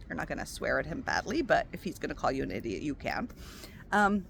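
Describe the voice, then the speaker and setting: A woman speaking as a spiritual coach and intuitive healer, giving a casual motivational talk to her viewers. She is expressive and affectionate, and calls the listener "my love.". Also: on the low side, fairly quick, creaky, a little hiss or hum. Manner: animated and expressive, acts out quoted voices.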